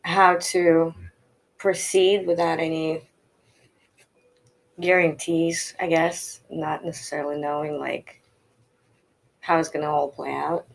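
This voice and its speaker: Slow, gravelly woman with a Russian accent. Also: low voice, flat delivery, rough recording. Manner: brief listening sounds.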